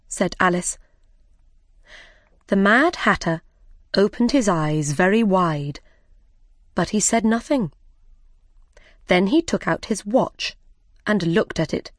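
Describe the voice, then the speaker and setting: A woman reading a children's storybook aloud, slow, clear and measured. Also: mid-range voice, no echo, clean studio sound. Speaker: reader.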